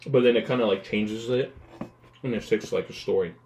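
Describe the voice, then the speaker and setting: A man's voice: fairly low pitch, a little fast, darkish tone, a little hiss or hum. A young man chatting casually, rambling with lots of fillers and laughing often. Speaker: guest. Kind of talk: casual chat.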